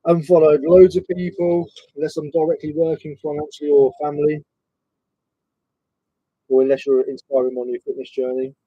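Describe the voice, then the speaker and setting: Lively, husky man chatting. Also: fairly high pitch, a little fast, no echo, lo-fi sound. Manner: rambling, swearing banter with viewers. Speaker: reseller streamer. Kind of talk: casual live-stream chat.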